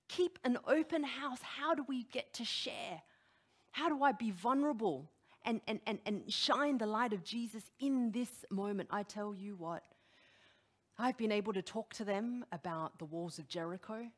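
A middle-aged woman preaching a sermon, animated and emphatic, putting direct questions to her listeners. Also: on the high side, moderate pace.

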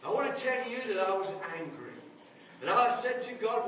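A man's voice: high voice, lively intonation, normal speed, pushed and bright, far from the mic, slight background noise. Older male preacher in an echoey hall. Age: 70s. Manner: earnest storytelling, swelling to emphatic. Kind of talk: sermon.

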